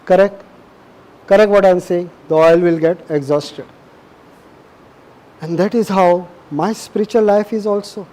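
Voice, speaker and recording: A man's voice: high-pitched, measured pace, pauses often, warm tone, rough recording. A middle-aged man preaching a sermon, emphatic and repetitive, often asking the audience questions.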